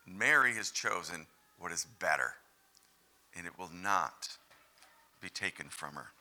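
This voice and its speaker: A preacher reading the Lord's calm reply in a lowered, slow, gentle voice. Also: male voice, exaggerated voice. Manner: slow, low, soothing reading. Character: calm, gentle male Lord answering.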